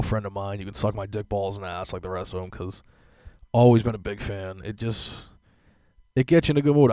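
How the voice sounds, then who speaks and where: A young man talks alone into a podcast mic, rambling from one story to the next and swearing freely. His voice sits a little low, and his laughs break in often. The room sounds dry and close. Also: darkish tone, dry recording. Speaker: podcast host. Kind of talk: casual solo podcast rant.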